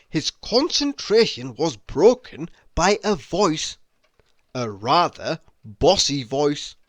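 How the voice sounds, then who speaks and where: A man reading a children's picture book aloud in a slow, expressive storytelling voice. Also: a little high, no echo, clean studio sound. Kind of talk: children's read-aloud narration.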